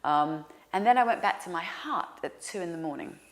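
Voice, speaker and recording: A woman telling a personal story in an animated way, dropping to a hushed whisper for quoted lines. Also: fairly low pitch, normal speed. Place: lives in New York.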